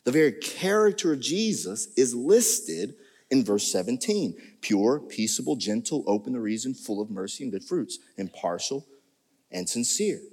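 A man preaching a sermon as pastor, animated, with sudden jumps in pitch. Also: normal speed, slightly rough. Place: church sanctuary. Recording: long reverb of a church hall.

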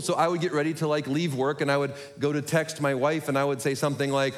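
Man, pastor, sermon, quick and humorous, higher voice, long hall reverb. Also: steady tone. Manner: quick-talking, humorous, self-deprecating. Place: church sanctuary. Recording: echoey hall.

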